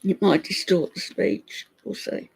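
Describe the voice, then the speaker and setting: Gravelly older woman scolding viewers. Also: on the low side, fairly even intonation, a little slow, a little mellow. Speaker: livestream host. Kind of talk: casual livestream chat.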